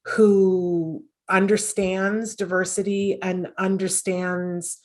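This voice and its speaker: Slow, level, and a little mellow, this mid-range voice belongs to a middle-aged woman who hosts a podcast and is an autism mom. Here she is an interview guest, sharing stories earnestly and conversationally, with frequent fillers and restarts.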